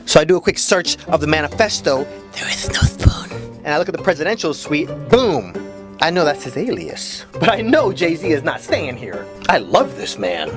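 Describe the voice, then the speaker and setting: A man telling funny personal stories in an animated storytelling video, jokey and full of voice switches. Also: a little high, normal speed. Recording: voice-over with music bed.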